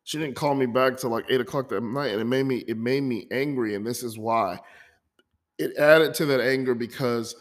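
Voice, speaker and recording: A man's voice: mid-range voice, normal speed. A man hosting his own podcast, talking through a hard week in an emotional personal monologue, often stumbling and repeating words. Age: adult, divorced. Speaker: podcast host.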